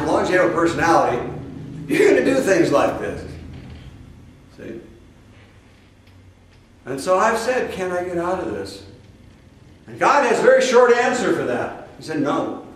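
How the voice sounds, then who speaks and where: A man's voice: a little high, a little hiss or hum. Older man preaching in a roomy echo. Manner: folksy, conversational preaching with asides and rhetorical questions. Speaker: spiritual teacher. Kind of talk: spoken sermon. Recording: roomy echo, speaker far from the mic.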